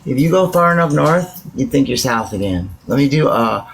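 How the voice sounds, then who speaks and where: A woman co-hosts a casual livestream with a gravelly, creaky voice. She tosses out offhand remarks and mumbles short replies. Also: extremely low pitch, expressive, normal speed, slight background noise.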